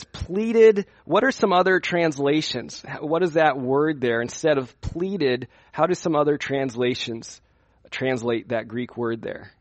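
A man's voice: a little high, no echo. A young man preaching at a youth conference in a conversational way, asking his listeners questions as he teaches. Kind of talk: sermon.

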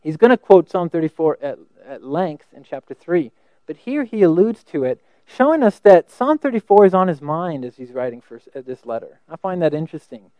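Man, preacher, slightly higher pitch, halting teaching delivery, dry close mic. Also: big pitch swings, no echo, highs cut off. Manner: thoughtful, halting with restarts, slows to quote verses. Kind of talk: teaching sermon.

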